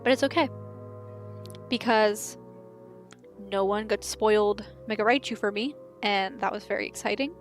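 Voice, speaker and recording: A woman's voice: medium pitch, normal speed, long pauses, soft background music. A woman in her twenties with a light Southern accent, chatting and giggling with her live-stream chat. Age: 20s.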